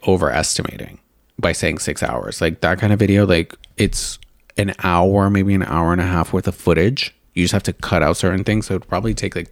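A young man hosts a makeup podcast and rants in a loose, rambling monologue. His voice sits a little low, and he packs every sentence with "like" fillers and blunt swearing. The sound is dry and close, with almost no room in it. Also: creaky, no echo. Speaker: makeup video and podcast host. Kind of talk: casual ranting monologue.

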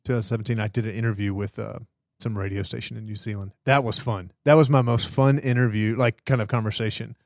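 A man's voice: fairly low pitch, steady tone, fast, creaky, no echo, studio quality. A man co-hosting a podcast, chatting in a matter-of-fact way with wry jokes. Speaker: podcast co-host, pastor. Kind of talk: casual chat.

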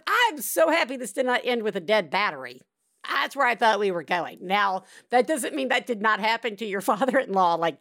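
A woman hosting a podcast, reacting to callers in casual, expressive chat with frequent laughter. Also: medium pitch, no echo, clean studio sound. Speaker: podcast host.

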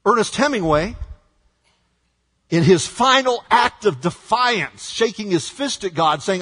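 A male pastor preaching a sermon with dramatic swings from hushed words to shouts. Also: high voice, lively intonation, a little slow, breathy edge, big-room sound.

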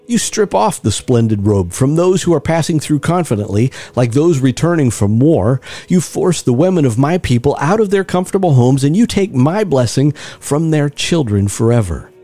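A man hosting a scripture reading, reading in a measured, solemn way with rising emphasis and leading listeners in prayer. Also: on the high side, very animated, warm tone. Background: faint music.

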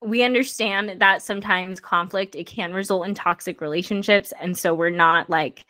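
Woman, young adult, podcast co-host, dry close mic, animated casual talk, voice climbs when passionate. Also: fairly low pitch, no room sound. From Puerto Rican and Mexican heritage. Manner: animated, quick, many fillers, voice rises when passionate. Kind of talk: casual chat.

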